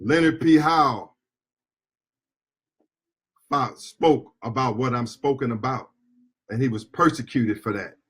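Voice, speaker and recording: A middle-aged American man giving a fiery political speech as an attorney and activist, impassioned and shouting at peaks, with call-and-response chants. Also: mid-range voice, unhurried, pauses often, husky. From United States.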